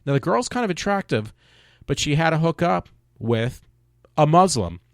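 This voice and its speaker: A man hosting a podcast, ranting in a rambling, halting way with many restarts and fillers. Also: on the high side, sing-song, creaky, no room sound, studio quality. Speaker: podcast host. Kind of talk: casual opinion monologue.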